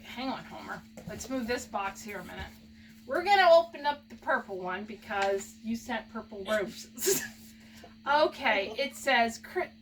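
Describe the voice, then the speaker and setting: A woman's voice: fairly high pitch, a bit bright, far from the mic, a little hiss or hum, poor audio. A woman opening gifts from fans on a home video, gushing, laughing often and using baby talk with her pet. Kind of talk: casual home video chat.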